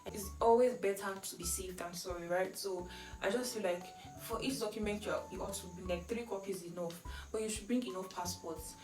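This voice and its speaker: A woman's voice: mid-range voice, fairly quick, soft background music. Chatty young Nigerian woman, echoey room. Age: young adult. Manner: chatty, animated, with Nigerian slang. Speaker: vlogger. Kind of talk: casual storytelling vlog. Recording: echoey room, mic at a distance.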